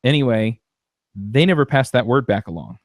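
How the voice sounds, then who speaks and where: A man's voice: medium pitch, lively intonation, moderate pace, no echo, clean studio sound. A man hosting a podcast, talking in a rambling casual way with many restarts and fillers. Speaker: podcast host. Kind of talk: casual chat.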